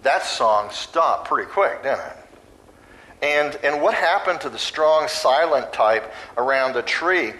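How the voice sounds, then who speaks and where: A man preaching a sermon in a conversational, animated way, now and then acting out voices. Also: medium pitch, slow pace, low-quality recording.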